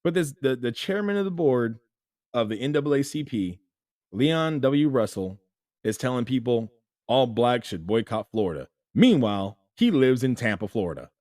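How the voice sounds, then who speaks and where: Animated male commentary host, dry sound. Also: normal speed, no echo. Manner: animated, rising to emphatic highs, quoting imagined people. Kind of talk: opinion commentary monologue.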